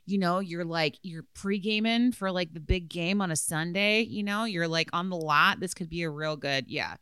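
A woman's voice: on the low side, moderate pace, pushed and bright, clear, resonant tone, dry recording. A young adult woman co-hosting a podcast in casual chat, chatty and full of fillers, swearing casually. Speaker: podcast co-host.

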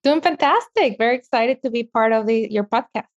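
Woman, Mexican accent, middle-aged, interview guest, passionate and animated, dull lo-fi audio. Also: a little high, a little fast. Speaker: guest, media entrepreneur. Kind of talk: interview conversation.

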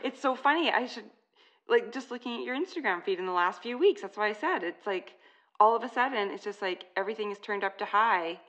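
A woman's voice: mid-range voice, expressive, a little fast, a bit bright. A woman hosting a casual interview, effusive and enthusiastic in her reactions. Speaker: podcast host. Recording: dull lo-fi sound.

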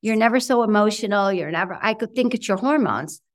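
A middle-aged woman talks as an interview guest, lively and full of fillers. She acts out little quotes of what she said to herself. Her voice sits at an ordinary middle pitch. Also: fairly quick. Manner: animated, chatty, many fillers and quoted self-talk. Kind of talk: conversational interview.

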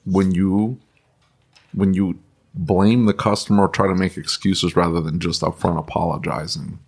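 A man's voice: low voice, steady tone, moderate pace, a little mellow, husky. A man co-hosting a live podcast at a trade conference, asking direct questions and laughing at his own lines. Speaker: podcast co-host. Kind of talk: casual live podcast chat.

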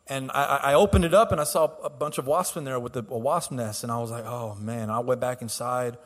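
A man's voice: mid-range voice, steady tone, quick pace. A man preaching a sermon as pastor, telling stories casually with restarts and laughs, then building to fervent exhortation. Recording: long hall reverb.

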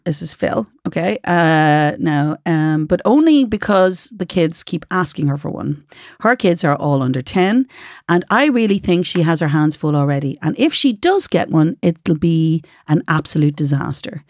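A woman's voice: low voice, animated, normal speed, dry recording. Irish woman podcast co-host, middle-aged, chatty and laughing, dry sound. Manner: chatty, laughing, reads listener letters aloud. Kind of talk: casual chat.

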